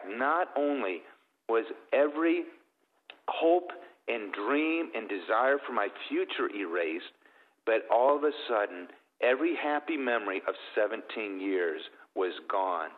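A man's voice: lowish voice, long reverb tail, phone-quality sound. A middle-aged man giving an earnest, heartfelt personal testimony as a guest.

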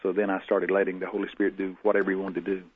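A man's voice: deep voice, monotone, racing, breathy edge. A man, a guest in an interview, telling personal stories in a folksy way and acting out the voices he quotes. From Texas. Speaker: guest prophet. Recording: tinny phone-like lo-fi sound.

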